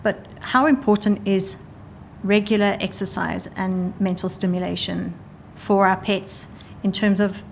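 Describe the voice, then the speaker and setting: A woman from South Africa hosting a podcast as a vet, asking measured questions and nodding along with short acknowledgements. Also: mid-range voice, fairly even intonation, vocal fry, a little hiss or hum. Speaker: veterinarian podcast host. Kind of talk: interview questions.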